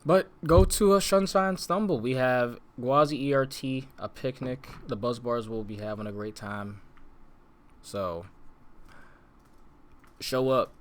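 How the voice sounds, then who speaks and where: A man's voice: medium pitch, a little slow, long pauses. A young man co-hosting a casual podcast, rambling with lots of fillers, restarts and laughs. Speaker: podcast co-host. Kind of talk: casual chat.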